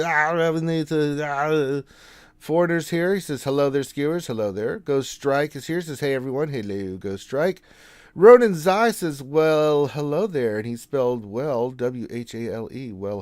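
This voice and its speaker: A man hosting a casual gaming livestream, reading out viewer greetings and answering them in a relaxed, chatty way. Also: a little high, dry recording. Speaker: game streamer host.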